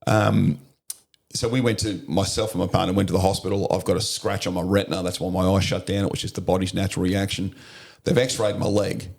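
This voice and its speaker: Gravelly low-voiced Australian man. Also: brisk. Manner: blunt, sweary, animated retelling with laughs. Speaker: podcast guest, army, navy and police veteran. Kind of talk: casual interview storytelling.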